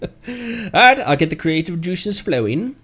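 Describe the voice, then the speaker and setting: A man's voice: sits high, big pitch swings, measured pace, fairly bright tone, slightly rough, faint music behind. A man streaming a game, chatting casually and correcting himself as he goes. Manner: chatty, rambling, self-correcting, laughs easily. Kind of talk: casual gameplay chat.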